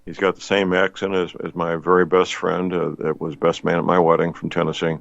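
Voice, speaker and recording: A man's voice: low voice, level tone, a little fast, creaky. An older man hosting a radio talk show, chatting in a folksy, rambling way with many fillers. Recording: dull lo-fi radio sound.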